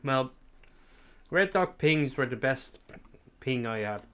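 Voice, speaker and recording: A man's voice: mid-range voice, expressive, slow, sharp tone, smooth. An Irish man streaming and talking straight to his viewers in a loose, casual chat. He rambles from one thing to the next, swears freely and talks between mouthfuls of sweets. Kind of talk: casual chat answering live chat.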